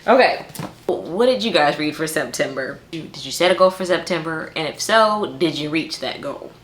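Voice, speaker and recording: Laughing often, this book vlogger talks casually to camera with a playfully exasperated sense of humor. Her voice sits low and is expressive, moving at a normal speed.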